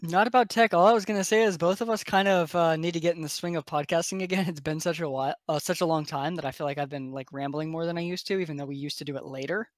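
A young man co-hosting a casual tech podcast, laid-back and quick to laugh, with hesitant fillers. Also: fairly high pitch, fairly even intonation, no echo, clean studio sound. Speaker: podcast co-host.

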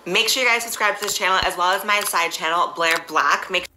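A woman with a very bright, sharp voice pitched on the low side delivers sarcastic, mocking commentary. There is a faint hiss of noise behind her. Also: a little fast, low-quality recording. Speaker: commentary youtuber.

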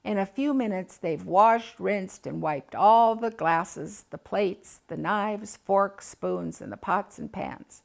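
An older woman reading a children's picture book aloud, gently voicing the animals and family. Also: mid-range voice, slow pace, vocal fry, few pauses. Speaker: storybook reader.

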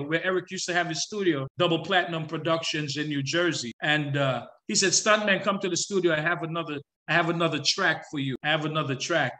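A male musician guest telling his story in an animated way, breaking into sung hooks as he talks. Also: a little high. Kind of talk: storytelling interview talk.

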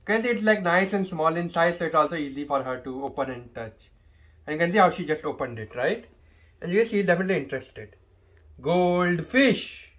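A man's voice: high voice, animated, moderate pace, fairly bright tone. A young man with an Indian accent reading a picture book aloud to a toddler, naming animals in a sing-song way and imitating their sounds. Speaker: parent reviewing a board book.

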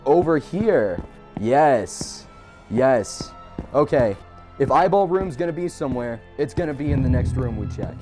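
A man's voice: mid-range voice, expressive, measured pace, darkish tone, soft background music. Nervous, cussing man playing horror games. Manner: nervous, jokey and profane, talks to himself. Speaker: gamer. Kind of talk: horror game commentary.

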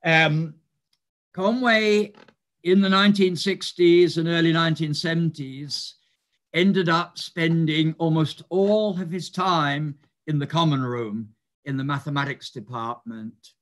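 An older man giving a reminiscing lecture, speaking in a measured, explanatory way with some hesitant fillers. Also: on the high side, a bit bright. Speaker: mathematician giving a talk.

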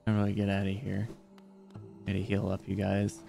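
A man giving excitable, exclamatory live commentary as he plays a game and chats with his viewers. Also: on the low side, normal speed, creaky, faint music behind. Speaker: streamer.

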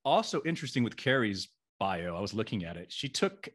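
A man's voice: fairly low pitch, sing-song, fairly quick, a bit bright. Chatty playful male podcast host. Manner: playful, chatty, rambling with restarts. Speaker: podcast host interviewing guest actresses. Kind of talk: casual interview chat.

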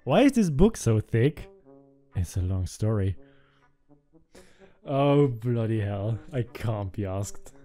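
A man's voice: fairly low pitch, sing-song, takes it slowly, long pauses, warm tone, faint music behind. A young man hosting a video, reading jokes aloud in casual commentary and laughing at them often. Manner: giggly, laughs at his own readings. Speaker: meme-reading video host.

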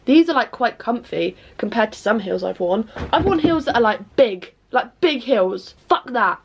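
A woman's voice: a little high, expressive, normal speed, slight background noise. Chatty, swearing young English woman vlogger. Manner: chatty, swears often, self-mocking; bursts into snatches of song. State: tired, low-voiced at night. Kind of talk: casual vlog chat.

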